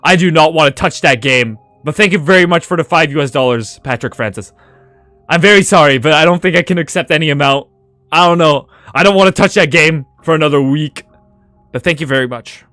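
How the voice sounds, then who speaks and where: A man's voice: on the high side, fairly quick, dry recording, faint music behind. A male game streamer chatting casually on a live stream, swearing and laughing as he thanks donors. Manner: animated, swears, laughs a lot.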